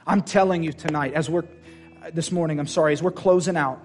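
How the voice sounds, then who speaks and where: Folksy male preacher, slightly high-pitched, emphatic surges and hushed prayerful lows, over faint instrumental music. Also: fairly even intonation, fairly quick. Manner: swings from loud emphatic declarations to quiet intimate prayer; folksy, plain-spoken. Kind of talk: sermon. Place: church service.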